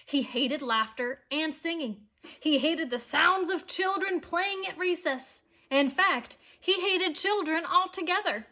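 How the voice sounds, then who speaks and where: A woman reads a children's chapter book aloud in a high, bright voice. She takes her time and tells it playfully and expressively, turning now and then to ask her young listeners questions. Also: expressive, a little slow. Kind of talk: storybook read-aloud for children.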